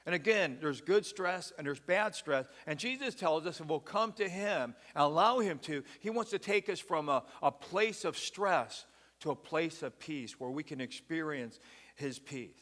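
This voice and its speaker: A man's voice: fairly high pitch, expressive, moderate pace, a bit bright, big-room sound. A man preaching a sermon as pastor, folksy and conversational, often dropping "man" into his sentences. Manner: folksy, peppers speech with "man". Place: church sanctuary.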